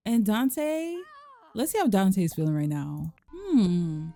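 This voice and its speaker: A woman with a medium-pitched voice and slow pace hosts a let's play, giving casual, animated commentary and voicing her characters' lines with sass.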